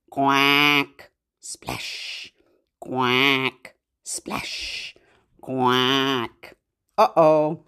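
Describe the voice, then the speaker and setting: A woman hosting a baby podcast, singing rhymes and reading a picture book aloud in a sing-song storytime voice with animal sounds. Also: sits high. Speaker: podcast host reading to babies.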